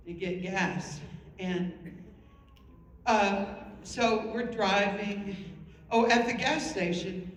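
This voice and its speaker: A woman, a pastor's wife, telling a lively story to a live audience in an animated, laughing, exclamatory way. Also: mid-range voice, a little hiss or hum. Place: large event hall. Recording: echoey hall with audience. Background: audience sounds.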